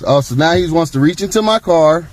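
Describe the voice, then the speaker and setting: A man's voice: a little high, lively intonation, brisk. A man, speaking from his car during a traffic stop. He is firm and confrontational and swears often while recording on a handheld phone. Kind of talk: heated roadside argument. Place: seated in his car at the roadside.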